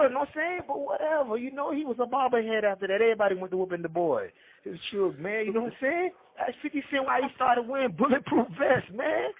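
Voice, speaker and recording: High husky man on a phone line. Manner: slangy, jumps between names and stories. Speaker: podcast guest. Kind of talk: rambling street storytelling.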